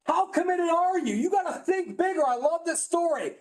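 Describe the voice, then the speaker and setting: A man giving an emphatic, preachy, high-energy motivational talk to a live audience, at times yelling. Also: expressive, normal speed. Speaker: motivational speaker at a business training. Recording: roomy echo in a hall.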